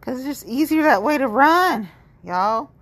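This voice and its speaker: A woman's voice: high voice, lively intonation, unhurried. A woman in her forties giving a rambling, blunt and profane monologue to camera. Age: 40s. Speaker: vlogger. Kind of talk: candid monologue.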